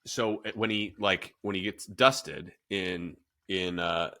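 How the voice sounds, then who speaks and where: Speaking slowly in a deep, pushed, bright voice with fairly even intonation, a man in his thirties hosts a casual podcast. He's a fitness coach, candid and self-reflective, with frequent fillers and restarts.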